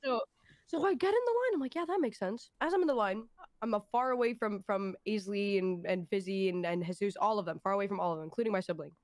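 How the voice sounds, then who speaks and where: A woman's voice: fast talker, no echo, clean studio sound. A young woman co-hosting a casual podcast, telling a story with swearing and acting out quoted people. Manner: animated storyteller, swears, acts out quotes in high voices. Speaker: podcast co-host.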